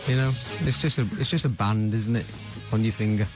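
Quick, joking male band guest. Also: on the low side, music in the background. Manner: joking, fast-talking. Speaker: musician guest. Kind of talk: casual radio chat.

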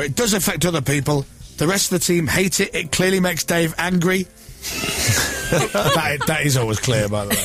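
A man in his forties hosts a radio show, chatting casually and mocking himself as he acts out the voices of others in his story. His voice sits a little high. A faint music bed plays under him. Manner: self-deprecating, animated storytelling with acted-out quotes. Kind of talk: casual on-air chat.

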